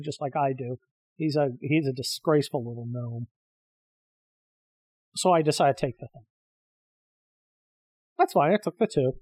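On his own show, a middle-aged host with a fairly high, darkish voice unloads a profane, combative solo rant full of exasperation. The audio is clean studio sound with no echo.

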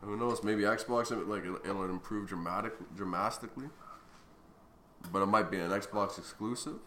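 A man's voice: lowish voice, moderate pace, sharp tone, echoey room, a little hiss or hum. A man co-hosting a casual smoking livestream from a garage, loose and joking, swearing freely. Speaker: co-host of a smoking stream.

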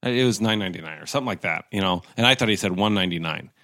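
A man telling a long story in a casual podcast chat, animated, acting out other people's lines in raised voices. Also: deep voice, rapid-fire, no echo, studio quality.

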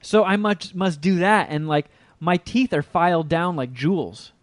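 A man's voice: on the high side, a little slow, no room sound. A man hosting a podcast, telling rambling stories in casual chat with lots of swearing. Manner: rambling storytelling, heavy swearing. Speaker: podcast host.

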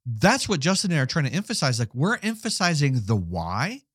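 A man's voice: on the high side, a little fast, slightly rough, no room sound, clean studio sound. A man in his forties, co-hosting a podcast, telling stories and explaining ideas with laughs between them. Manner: animated storytelling with laughs. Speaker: podcast co-host. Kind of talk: casual theological discussion.

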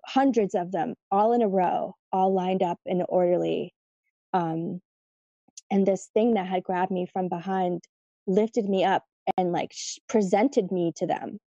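A woman's voice: on the low side, fairly even intonation, unhurried, mellow, no echo, lo-fi sound. A woman telling a personal story in a casual, chatty way, full of "like" and "you know".

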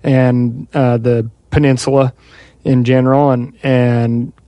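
A man's voice: medium pitch, flat delivery, slow, warm tone, dry recording. Hesitant man telling a story. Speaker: podcast co-host. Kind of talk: casual conversational podcast.

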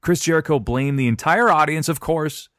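A man co-hosting a podcast, recapping a wrestling feud in casual chat, telling the story with quick asides and frequent laughs. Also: on the high side, a bit bright, dry recording, clean studio sound. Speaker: podcast co-host.

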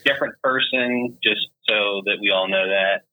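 Male player, sharp bright voice, dry wit, dead-dry close recording. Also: fairly low pitch, normal speed, no room sound, rough recording. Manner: dry jokes. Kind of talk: casual tabletop game chat.

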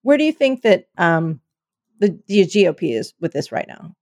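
A woman's voice: fairly low pitch, big pitch swings, normal speed, a little mellow, no echo, studio quality. A woman co-hosting a casual comedy chat, playful and giggly, who often trips over her words. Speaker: podcast co-host.

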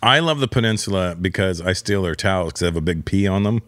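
A man hosting a podcast as a comedian, telling stories in a quick, animated way and swearing freely. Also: deep voice, dry recording. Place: studio in Los Angeles.

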